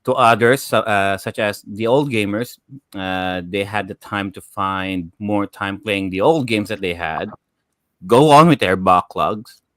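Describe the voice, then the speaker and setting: A male host who opens the discussion hesitantly, his speech full of "uh" and "um". His voice is fairly low, and it is recorded close and dry, with almost no room sound. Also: a little slow, fairly bright tone, no echo. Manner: hesitant, many filler sounds. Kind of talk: casual panel chat.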